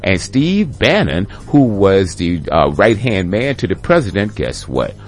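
A man's voice: low voice, very animated, measured pace. A man hosting a radio show, delivering an emphatic rant full of rhetorical questions to his listeners. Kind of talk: ranting radio commentary.

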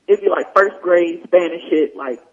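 On her podcast, a woman with a low, darkish voice chats casually at normal speed, telling loose stories full of fillers and swearing. The recording has a dull, lo-fi quality.

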